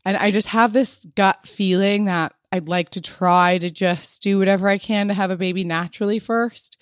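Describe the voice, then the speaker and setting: A woman's voice: medium pitch, steady tone, moderate pace, clear, resonant tone, no echo, studio quality. Frank, rambling woman in her thirties. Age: 30s. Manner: frank, rambling, heavy use of "like". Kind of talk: candid personal chat.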